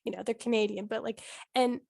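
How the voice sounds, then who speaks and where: A woman's voice: fairly high pitch, fairly even intonation, fairly quick, creaky, mellow, dry recording, studio quality. A woman telling a personal story in a casual interview, chatty and full of "like" and "you know". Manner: chatty, heavy use of "like" and "you know", laughs often. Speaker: podcast host and cookbook author, interviewed.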